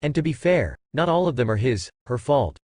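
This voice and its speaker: A man's voice: medium pitch, sing-song, normal speed, darkish tone, dry recording, studio quality. A man voicing a blunt young woman who lists someone's faults, matter-of-fact.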